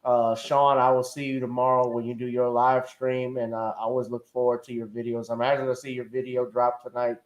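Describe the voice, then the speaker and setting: A man's voice: medium pitch, flat delivery, fairly quick, few pauses, muffled recording. A man hosting a live-stream talk show, chatting casually and joking as he wraps up. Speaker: host.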